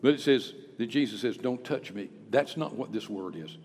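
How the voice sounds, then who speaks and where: A man preaching a sermon, with dramatic swings from hushed to loud. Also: medium pitch, a little fast, slight background noise. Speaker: pastor. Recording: long reverb of a large hall.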